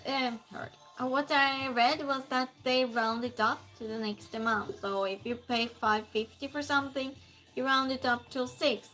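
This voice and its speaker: Chatty woman streamer, higher voice. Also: fairly bright tone. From Sweden. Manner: chatty, laughs often, greets viewers by name. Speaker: streamer host. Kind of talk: casual livestream chat, reading viewer comments aloud.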